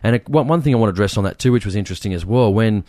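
A man co-hosting a podcast, chatting casually and retelling stories with lively mimicry. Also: rapid-fire, no echo, studio quality. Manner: animated storyteller, mimics people in high voices. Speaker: podcast co-host.

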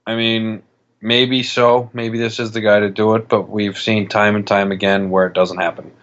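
A low-voiced man joins a casual sports podcast, blunt and quick to agree. His sound comes through dull and lo-fi, with the top end rolled off. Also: level tone, a bit bright, a little hiss or hum. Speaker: podcast co-host.

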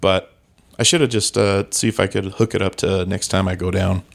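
A man with a low, gravelly voice tells comedy-club stories on a casual podcast. He rambles and corrects himself as he goes. His low pitch and rough, creaky edge carry through his chat. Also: steady tone, normal speed. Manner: rambling, self-correcting storyteller.

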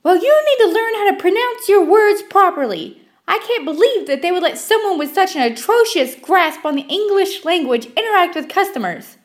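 Woman playing a shrill stuck-up lady, very high, loud, lecturing down at you. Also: lively intonation, moderate pace. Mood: indignant scolding. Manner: condescending, scolding. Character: shrill haughty woman customer, indignant.

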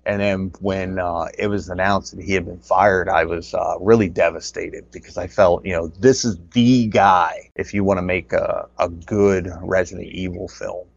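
Deep gravelly man, muffled lo-fi audio. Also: fairly even intonation, moderate pace, hardly any pauses. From Pennsylvania, USA. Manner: rambling, with many fillers and restarts. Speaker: interview guest, documentary creator. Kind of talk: casual storytelling.

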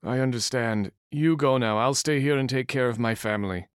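A man voicing a loyal, fatherly older restaurant worker, gentle and earnest, in an audiobook. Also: medium pitch, moderate pace, clear, resonant tone, no echo, studio quality, natural voice. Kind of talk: audiobook character voice.

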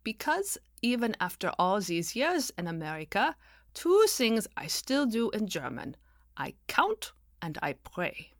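A woman voicing a merry, elderly German-born immigrant lady in an audiobook, speaking slowly and deliberately. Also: mid-range voice, huge pitch swings, no echo, studio quality. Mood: earnest. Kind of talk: audiobook character voice.

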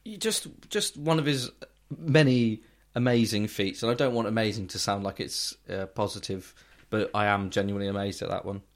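A man's voice: on the low side, moderate pace. A young man co-hosting a podcast, telling stories in a playful, dry joking way. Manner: playful, storytelling, dry jokes. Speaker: podcast co-host. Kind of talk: casual comedic chat.

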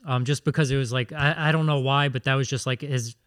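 Casting note: male co-host, mid-pitched, dry close sound, halting storyteller. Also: no echo. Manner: relaxed anecdotal, hesitant "um"s. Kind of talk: casual chat.

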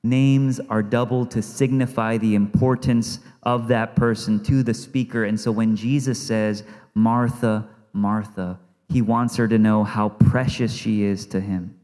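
A man preaching a sermon as pastor in a church, earnest, repeating phrases for emphasis and dropping softly when he quotes. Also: fairly low pitch, fairly even intonation, unhurried, few pauses. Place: church sanctuary. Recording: long reverb of a church hall.

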